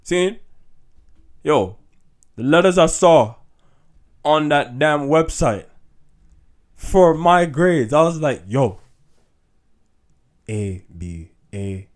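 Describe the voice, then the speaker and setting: Fields: Voice: laid-back young man. Pace: slow. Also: a little high, lively intonation. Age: young adult. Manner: laid-back, chatty, laughs often, says "yo" and "like". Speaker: podcast host. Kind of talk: casual monologue.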